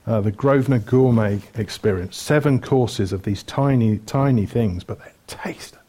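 On the low side and mellow, at normal speed, a middle-aged man from Wales gives a chatty sermon. He jokes and lists things, leaning heavily on ums.

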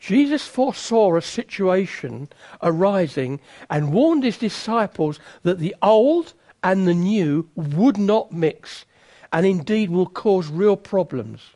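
A man's voice: sits high, mellow. A man preaching a sermon in a conversational way, with teasing, self-mocking asides.

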